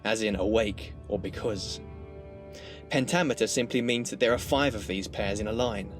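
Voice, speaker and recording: A man narrating a scripted literature lesson in a measured, explanatory way. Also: on the low side, music in the background. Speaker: literature lecturer.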